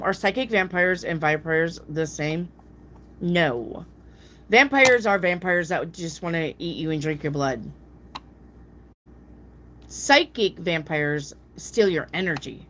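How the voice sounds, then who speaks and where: A woman giving casual live tarot readings, answering viewer questions bluntly, swearing freely and mimicking people in a high voice. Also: a bit bright, a little hiss or hum.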